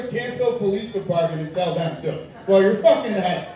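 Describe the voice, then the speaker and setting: A man doing loud profane stand-up, echoey and distant. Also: sits high, normal speed, highs cut off. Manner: profane, loud storytelling, crowd work. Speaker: stand-up comedian. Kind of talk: stand-up comedy set. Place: tavern stage. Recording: echoey room from far off.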